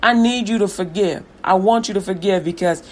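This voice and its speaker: A woman's voice: mid-range voice, brisk, pitched below the performer's own voice, lightly acted. A woman voicing God in her sermon as a loving deity who talks in a slangy, casual way. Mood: reassuring. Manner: slangy and casual, tender reassurance.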